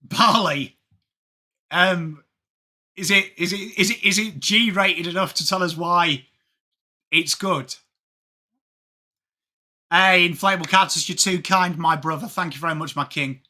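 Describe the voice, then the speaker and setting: A man's voice: high voice, a little slow, long pauses, pushed and bright. An English man hosting a casual live sports watchalong, chatting with viewers and greeting them by name. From England. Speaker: livestream host.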